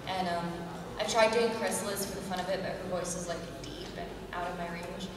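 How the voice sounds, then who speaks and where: A woman's voice: lowish voice, fairly even intonation, fairly quick. A young woman speaking as a voice actress at a convention panel, chatting casually with many fillers. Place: large convention hall. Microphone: distant from the recording mic. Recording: echoey hall from far off, loud noise.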